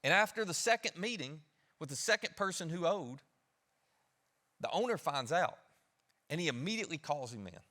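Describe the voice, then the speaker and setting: A man's voice: fairly high pitch, expressive, normal speed, pauses often, sharp tone. A male pastor preaching a sermon, telling a story conversationally, acting out the characters and putting questions to the congregation. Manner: conversational, asks the audience questions.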